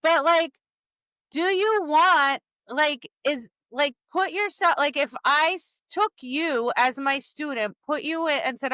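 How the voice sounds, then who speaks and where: A woman's voice: sits high, a little slow, dry recording. A woman co-hosting a podcast, chatting casually about dog training and acting out what she says to dogs and students. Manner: animated, acts out quoted lines to dogs and students. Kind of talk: casual chat.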